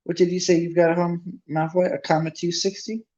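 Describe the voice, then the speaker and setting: A man voicing an excitable, boastful boy wizard on a dull lo-fi recording. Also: high-pitched, brisk, voice pushed up, lightly acted. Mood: excited.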